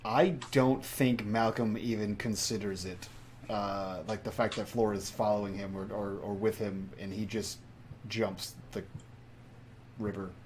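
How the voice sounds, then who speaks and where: A man's voice: on the low side, steady tone, a little slow, darkish tone, slight background noise. A man playing a tabletop game, thinking aloud about his moves with plenty of fillers. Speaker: player. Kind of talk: casual tabletop play.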